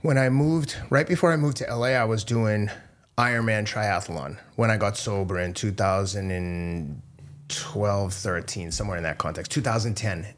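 Candid middle-aged man, slightly low voice. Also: moderate pace. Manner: candid, swears freely, gets choked up. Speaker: podcast guest, runner. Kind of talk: candid interview talk.

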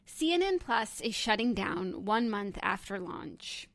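A woman's voice: medium pitch, very animated, a little slow, vocal fry, a bit bright, dry recording, clean studio sound. A young woman co-hosting a casual pop-culture podcast, upbeat and full of "like". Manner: upbeat, says "like" a lot. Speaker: podcast co-host. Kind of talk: casual chat.

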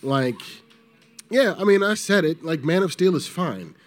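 A man hosting a panel, talking in a passionate, animated way and swearing freely. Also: on the high side, a little slow. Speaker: panel host. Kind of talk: casual panel talk.

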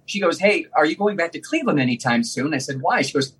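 A man from Northeast Ohio, a former radio DJ and performer, telling animated stories in a casual conversation and laughing often. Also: fairly high pitch, quick pace, slightly rough, low-quality recording.

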